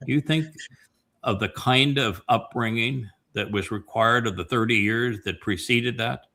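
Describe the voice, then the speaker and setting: A man hosting a family Bible-study talk show, retelling scripture in an impassioned way, with many pauses and fillers. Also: medium pitch, bright, forceful tone. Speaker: host.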